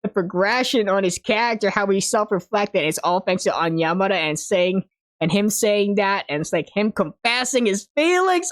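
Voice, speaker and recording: A woman's voice: medium pitch, animated, moderate pace, no room sound. A young woman reviewing an anime, gushing and emotional, tacking "man" and "dude" onto her phrases. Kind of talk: casual unscripted review.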